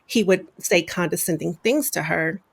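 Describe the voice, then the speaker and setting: A woman co-hosting a casual podcast chat, telling a story and acting out what people said in lively voices. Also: fairly low pitch, moderate pace, creaky, slightly rough. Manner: animated storyteller who acts out quotes. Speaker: podcast co-host.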